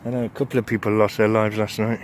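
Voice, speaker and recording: A man's voice: on the low side, flat delivery, fast, a little hiss or hum. A man vlogging casually to camera from a tent while out camping, rambling and chuckling as he talks. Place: tent outdoors in wind.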